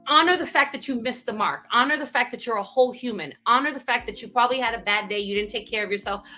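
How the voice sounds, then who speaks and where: Bright, animated woman telling her story. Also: on the high side, fast, soft background music. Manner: animated, frequent "right?" tags, bursts of laughter. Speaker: guest speaker. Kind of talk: candid conversational storytelling.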